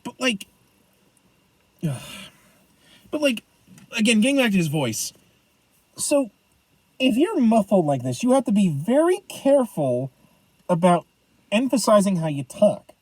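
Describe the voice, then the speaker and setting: A man's voice: high-pitched, big pitch swings, measured pace, pauses often, a little mellow, no room sound, rough recording. A man co-hosting a podcast, chatting casually about films, rambling with lots of fillers and restarts. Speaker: podcast co-host. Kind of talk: casual film review chat.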